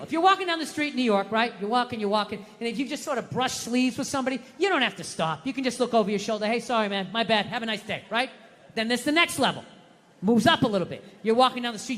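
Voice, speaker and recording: Ranting high bright-voiced male comic. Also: in a large hall, a little hiss or hum. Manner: ranting, profane, shouting bursts. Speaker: stand-up comedian. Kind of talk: stand-up comedy.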